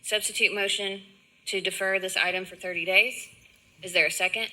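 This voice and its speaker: A woman chairing a county commission meeting, brisk and procedural. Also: medium pitch, steady tone, pushed and bright, rough recording.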